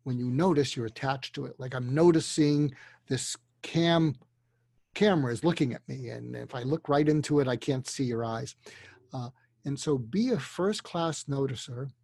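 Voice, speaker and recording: An older man talks as a guest, patiently explaining and coaching. His voice is husky, with a slight breathiness. The recording is dry and close. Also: medium pitch, moderate pace, no room sound. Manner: earnest, explanatory, gently coaching. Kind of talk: conversational advice.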